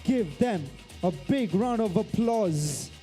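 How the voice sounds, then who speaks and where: An excitable man runs a charity auction from a stage mic, shouting out bids. His voice sits very high yet sounds mellow. A long reverb from a large event hall trails every word. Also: takes it slowly, soft background music. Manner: energetic, excitable, calls out bids. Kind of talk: live auction emceeing.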